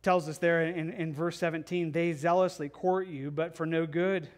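Earnest higher-voiced male pastor preaching. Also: flat delivery, moderate pace. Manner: earnest, pleading, paraphrases scripture with frequent stammered restarts. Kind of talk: sermon.

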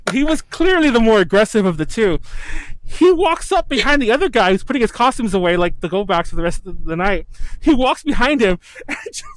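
Excitable high-voiced young man rambling. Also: a little fast, poor audio. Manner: rambling, profane, laughs through stories. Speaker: podcast co-host. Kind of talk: casual chat, storytelling.

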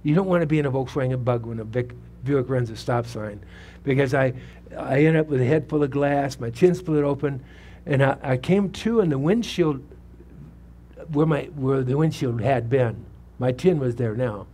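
A man's voice: medium pitch, normal speed, dark tone, slight background noise. Older man preaching, conversational testimony. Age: 70s. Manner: conversational preaching, asks the congregation questions. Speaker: pastor. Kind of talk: sermon with personal testimony. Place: church sanctuary.

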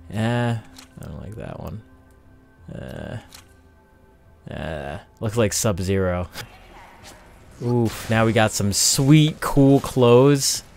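Gravelly low-voiced young man chatting over gameplay. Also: a little mellow. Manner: rambling, self-interrupting, chatty asides to viewers. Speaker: let's play host. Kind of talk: casual gameplay commentary.

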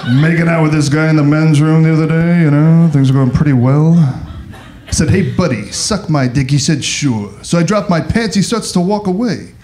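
A man putting on a brash, wisecracking old-school nightclub comedian, firing off one-liners in a rough delivery. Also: on the high side, moderate pace, darkish tone, lightly acted. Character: brash wisecracking middle-aged man impression. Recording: live club, crowd laughter.

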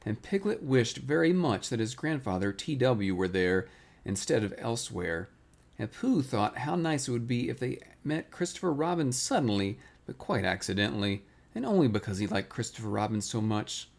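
Man reading an expressive bedtime story. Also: medium pitch, gravelly. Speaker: storybook reader.

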